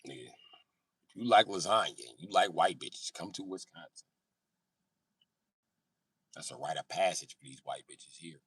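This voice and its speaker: Livestream host, low bright voice, comedic rant, heavy swearing. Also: male voice, husky, no echo, distant mic. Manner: animated storytelling, heavy swearing, slow emphatic drawl.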